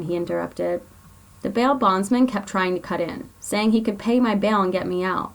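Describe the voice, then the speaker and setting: A woman's voice: medium pitch, fairly even intonation, normal speed, creaky. Woman narrating her own story earnestly. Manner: earnest, confessional. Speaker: blogger. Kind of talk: reading a personal story aloud.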